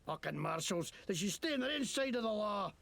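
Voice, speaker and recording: A crude wasteland crook with a bad fake Scottish accent, his voice gravelly and rough. He rants and complains in a video game, his pitch swinging wildly up and down. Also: big pitch swings, fairly quick, fairly bright tone, heavily acted. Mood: ranting. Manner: crude, ranting, self-pitying. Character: grudge-holding noseless male wasteland crook.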